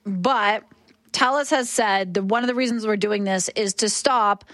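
A woman's voice: medium pitch, moderate pace, a bit bright, dry recording. A woman, arguing passionately and emphatically as a talk radio host. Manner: impassioned, emphatic.

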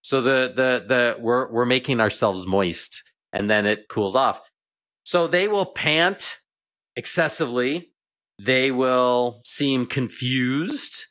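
A man's voice: mid-range voice, slow pace, a bit bright. A man speaking as a veterinarian guest on a radio show, explaining plainly and often repeating words as he thinks.

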